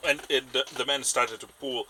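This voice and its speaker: A man narrating a tabletop game as game master, in halting speech with restarts and loose grammar. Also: mid-range voice, fairly even intonation, a crowd in the background, rough recording.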